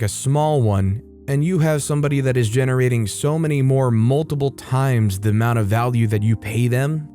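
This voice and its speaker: A man's voice: medium pitch, dark tone. A man hosting a show where he reads online stories aloud, in a casual, conversational way with wry asides. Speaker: host reading online stories. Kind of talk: story narration with commentary. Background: faint guitar music.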